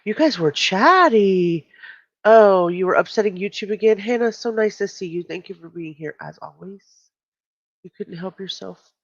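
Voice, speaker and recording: A woman's voice: mid-range voice, animated, normal speed, no room sound. A woman hosting a true crime live stream, greeting viewers in a loose, chatty way and often breaking into giggles. Her voice sits mid-range. The sound is dry and a little dull, like a home mic.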